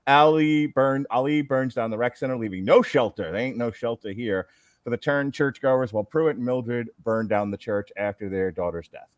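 A man's voice: mid-range voice, moderate pace, no room sound. Man, podcast host, plot recap, sarcastic asides, mid-range voice, dry close sound. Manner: wry, sarcastic, laughs while reading.

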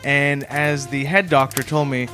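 A man co-hosting a comedy podcast, telling an absurd story in a deadpan, matter-of-fact way. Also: medium pitch, a little slow, soft background music. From Canada. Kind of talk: deadpan improvised comedy chat.

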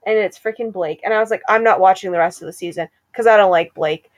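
A young woman co-hosting a podcast, chatting casually and gossiping about reality TV with quick laughs. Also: medium pitch. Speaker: podcast co-host. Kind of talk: casual chat.

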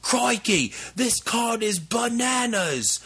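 A man doing a deliberately bad fake Australian accent as an excited, exaggerated mock Australian guy, for a joke on a podcast. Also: extremely high pitch, slightly rough, pitched above the performer's own voice, exaggerated voice. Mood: exaggerated glee. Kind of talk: jokey podcast impression.

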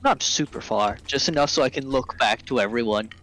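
Man, tabletop player, casual chat, eager, mid-pitched voice. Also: brisk, a bit bright, low-quality recording.

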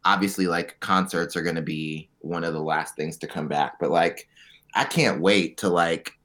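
A man co-hosting a podcast in casual chat, telling profane, animated stories with quick asides. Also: low-pitched. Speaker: podcast co-host.

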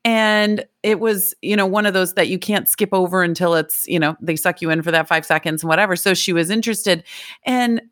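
A woman's voice: fairly low pitch, a little fast, a bit bright, dry recording, clean studio sound. A middle-aged woman, an interview guest, explaining and telling a story in a conversational way. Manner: storytelling, explanatory, acts out quoted voices. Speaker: guest expert on self-esteem.

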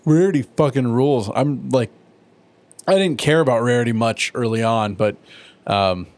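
A man's voice: moderate pace, darkish tone. A man co-hosting a casual chat, recapping a cartoon episode with lots of swearing and laughter. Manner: profane, laughing, acts out lines in high put-on voices. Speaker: podcast co-host recapping a cartoon.

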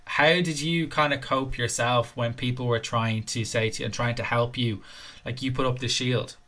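A man's voice: mid-range voice, fairly even intonation, moderate pace, pushed and bright. A man hosting a fitness podcast, asking long, rambling questions in a casual chat. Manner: rambling, thinks aloud with fillers. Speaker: podcast host.

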